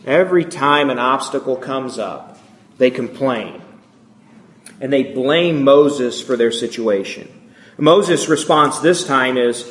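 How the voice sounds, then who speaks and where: A man's voice: mid-range voice, slow, a bit bright. A man giving a sermon, reading scripture and voicing the complaints with rising emphasis. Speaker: preacher.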